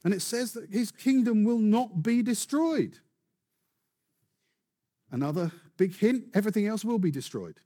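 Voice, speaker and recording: A man preaching a sermon with animated, building emphasis and rhetorical questions. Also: sits high, unhurried, long pauses, slightly rough.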